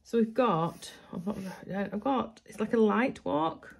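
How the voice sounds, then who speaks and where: A woman's voice: on the high side, lively intonation, a little slow, vocal fry, a little mellow, slight background noise. A woman talking to camera at home at night, chatty and self-mocking as she thinks aloud. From United Kingdom. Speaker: budgeting vlogger. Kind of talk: casual chat to camera.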